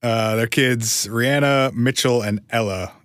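A man's voice: mid-range voice, a little slow, fairly bright tone, no room sound. A man co-hosting a podcast in casual chat, making dry, sardonic asides. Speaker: podcast co-host.

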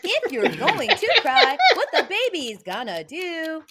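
A woman mimicking a slow robotic text-to-speech girl. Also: high-pitched, very animated, very noisy, pitched above the performer's own voice. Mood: deadpan robotic. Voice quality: slow, stilted machine-like delivery. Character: female text-to-speech app voice, flat and robotic.

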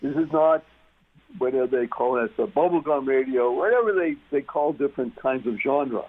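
A man's voice: mid-range voice, moderate pace. A man talking as a guest on a talk radio show, emphatic and repeating key words for stress. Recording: muffled phone-line radio sound.

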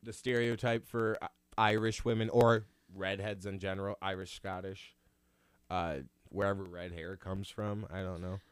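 A podcast host in a casual chat, joking with quick comebacks. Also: low-pitched, little pitch movement, clean tone, dry recording, studio quality.

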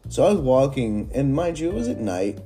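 A young man telling stoner stories from Reddit in a rambling, animated way, full of fillers and swearing. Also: mid-range voice, fairly quick, faint music behind. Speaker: storyteller reading Reddit posts. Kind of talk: casual storytelling.

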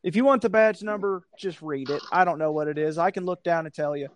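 A man's voice: fairly high pitch, fast talker. A man telling a work story in casual chat, acting out the quotes with lots of swearing. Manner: animated, acts out quotes, profane. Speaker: storyteller, security guard.

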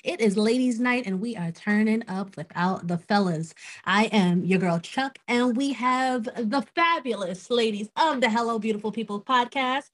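A woman's voice: fairly high pitch, normal speed, few pauses. A woman hosting a podcast, introducing guests in an upbeat, teasing way. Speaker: podcast host. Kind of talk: casual hosting chat.

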